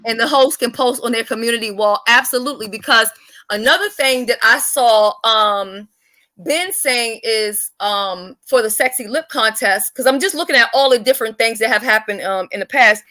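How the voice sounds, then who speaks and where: Woman, livestream host, casual chat, high voice, blunt, profane. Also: moderate pace, sharp tone. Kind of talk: casual live-stream chat.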